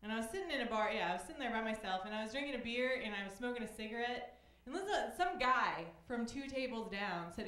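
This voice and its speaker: Standup lady from oklahoma, a bit high voice, dry wry delivery, echoey club. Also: quick pace. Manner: wry, deadpan storytelling with sudden voiced quotes. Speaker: stand-up comic. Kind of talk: stand-up set at an open mic. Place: small comedy club stage.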